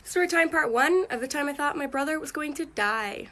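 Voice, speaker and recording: A young woman telling a casual story time, chatty with quick asides to viewers. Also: high voice, sharp tone.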